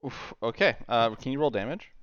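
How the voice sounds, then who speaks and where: A man's voice: mid-range voice, animated, a little fast, fairly bright tone, no room sound. A man running an online tabletop game as game master, recapping loosely with many fillers and laughing often. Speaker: dungeon master. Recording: slightly dull, dry voice-call audio.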